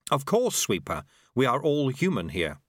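A man's voice: mid-range voice, huge pitch swings, moderate pace, no echo, clean studio sound, pitched above the performer's own voice. A man voicing a flustered, earnest young male apprentice who protests and hesitates, in an audiobook. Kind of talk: audiobook character voice.

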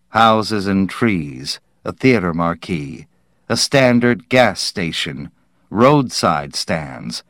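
Slow, low-voiced male narrator. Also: a bit bright, dry recording, studio quality. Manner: measured, deliberate reading. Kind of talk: scripted audiobook narration.

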